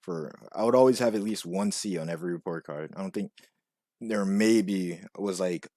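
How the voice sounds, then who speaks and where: A young man telling a rambling personal story, full of "like" and "you know", now and then acting out quoted voices much higher. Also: moderate pace, warm tone, no echo, clean studio sound. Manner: rambling, filler-heavy with frequent "like" and "you know". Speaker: vlogger. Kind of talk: casual storytelling monologue.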